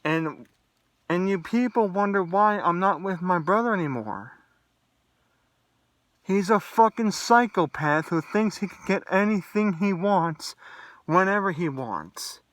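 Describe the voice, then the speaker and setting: Agitated young man ranting, high voice. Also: lively intonation, unhurried, fairly bright tone, no room sound. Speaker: vlogger. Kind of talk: angry solo rant to camera.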